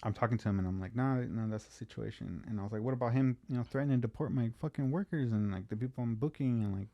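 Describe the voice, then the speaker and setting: A fast-talking man with a low, gravelly voice tells a rambling, profane story on a podcast, acting out each line people said. The sound is dry and close. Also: warm tone, no echo, highs cut off. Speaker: comedian.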